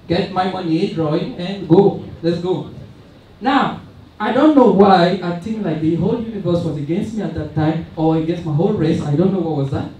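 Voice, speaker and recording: Young male stand-up comic, high-pitched, self-mocking storyteller, recorded from far off in a big hall. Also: normal speed, warm tone. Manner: chatty, self-mocking, loose storytelling with frequent asides. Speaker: stand-up comedian. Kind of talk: stand-up comedy set. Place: large event hall with audience.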